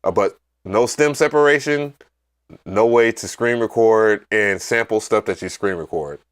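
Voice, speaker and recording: A man hosting a casual livestream, telling stories in an animated, profane way with loud excited outbursts. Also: on the low side, unhurried, smooth. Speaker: livestream host.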